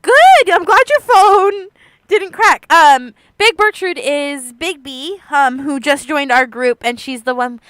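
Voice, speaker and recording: A woman's voice: high-pitched, animated, slow pace, fairly bright tone, no echo. A young woman streaming a story game, chatting casually and giggling between readings. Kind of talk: casual let's-play commentary.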